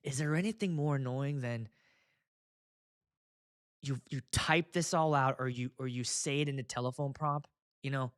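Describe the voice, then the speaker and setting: A man hosting a casual podcast, telling stories in an animated, profane, comic ranting way. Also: mid-range voice, moderate pace, pauses often, smooth. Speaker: podcast host, wedding DJ.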